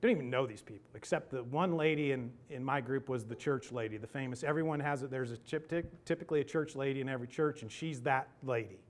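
A man's voice: mid-range voice, fast, few pauses. Man preaching an emphatic story-sermon. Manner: animated, emphatic storytelling that turns hushed and earnest in prayer. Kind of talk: sermon with personal story and prayer.

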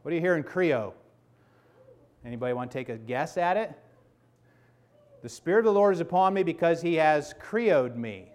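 A man's voice: on the high side, expressive, normal speed, long pauses, darkish tone. A man in his fifties preaching a sermon to his congregation, conversational and emphatic, checking in with "okay?" and "right?" asides. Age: 50s. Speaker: pastor.

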